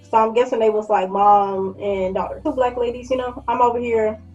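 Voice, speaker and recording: A woman's voice: fairly high pitch, fairly quick, lo-fi sound, soft background music. Blunt, profane young woman storyteller. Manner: blunt, profane, animated quoting. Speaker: vlogger. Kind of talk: casual storytime vlog.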